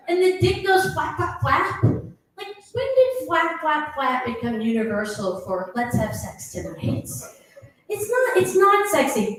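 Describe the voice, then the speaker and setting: Lively middle-aged woman doing stand-up. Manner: animated, mimics her husband in a lower voice. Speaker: stand-up comic. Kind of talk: stand-up comedy set. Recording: roomy echoing venue, mic heard from a distance.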